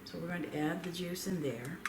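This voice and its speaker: Lady walking thru a recipe in her kitchen, easy gentle voice, roomy echo. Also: on the low side, heavy background noise. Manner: gentle, unhurried, talks while working. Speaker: cooking show host. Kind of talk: cooking demonstration with calm chat. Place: home kitchen.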